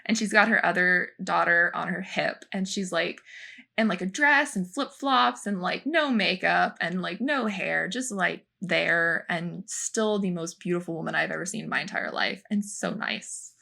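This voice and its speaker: A young woman chatting on a podcast with a low, gravelly voice and a bright, forceful edge. She tells stories from a film set in an animated, rambling way, leaning on lots of "like" and "um". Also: moderate pace. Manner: animated storytelling, many fillers. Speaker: podcast co-host, former film extra. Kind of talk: casual podcast chat.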